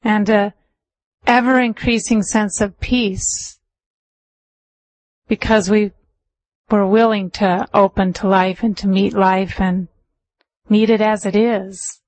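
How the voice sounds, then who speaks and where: A woman meditation teacher giving a dharma talk, telling stories in a chatty way with laughs and easing into a calm, measured pace. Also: mid-range voice, no room sound, low-quality recording.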